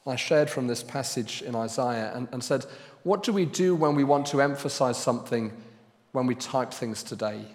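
A man preaching a sermon as pastor, speaking slowly and deliberately and pressing hard on key words. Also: medium pitch, long reverb tail. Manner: slow and deliberate, with loud emphatic stresses.

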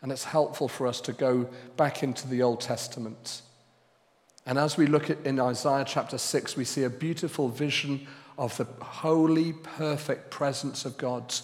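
A man preaching a sermon as pastor, speaking slowly and deliberately and pressing hard on key words. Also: mid-range voice, steady tone, long reverb tail. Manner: slow and deliberate, with loud emphatic stresses.

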